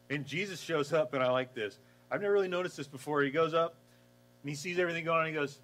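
Animated casual preacher man. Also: fairly high pitch, fast, low-quality recording. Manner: animated storytelling, acts out voices, laughs. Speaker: pastor. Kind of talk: casual sermon.

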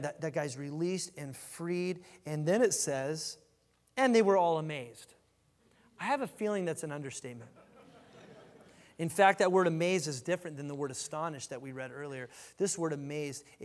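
A man preaches with lively energy, stumbling over and repeating words as he builds his points. His voice sits a little higher than most men's. The sound carries a long reverb, as in a large church sanctuary. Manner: animated preaching with repeated restarts. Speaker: pastor. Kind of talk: sermon.

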